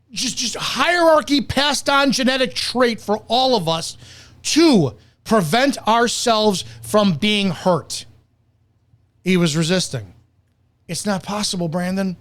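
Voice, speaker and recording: A man's voice: sits high, fairly bright tone. A man hosting reaction commentary, heated and profane, berating the person he is reacting to. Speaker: commentator and host.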